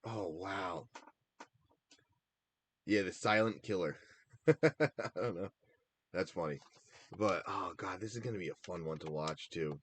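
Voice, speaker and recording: A man's voice: deep voice, a little slow, long pauses, breathy edge. A man co-hosting a casual recap show, chatting about his picks in a rambling, enthusiastic way and drifting into tangents. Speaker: podcast co-host.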